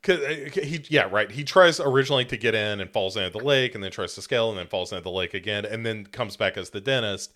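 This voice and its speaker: A man's voice: fairly low pitch, quick pace, few pauses, pushed and bright. A man in a casual film chat, filling in plot details and answering with short agreeing replies. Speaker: podcast co-host.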